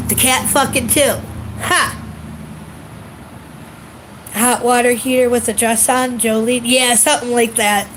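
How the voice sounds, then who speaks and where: A woman's voice: a little high, measured pace, long pauses, noisy background. A woman venting in a casual vlog, blunt and profane, sounding congested, recorded outdoors on a phone camera. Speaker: vlogger.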